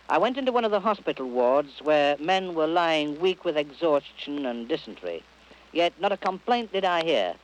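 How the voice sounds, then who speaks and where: A man with a fairly high voice tells his report in an earnest, heartfelt way. The sound is dull and muffled, as on an archival radio recording. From England. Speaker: war correspondent.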